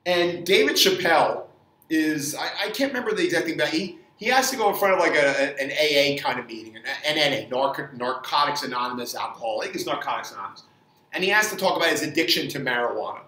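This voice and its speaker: A man's voice: a little high, lively intonation, quick pace, pushed and bright, far from the mic. A man who works as a fitness trainer, giving an angry, profane opinion rant with many stumbles and repeated words. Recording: echoey room, voice off mic.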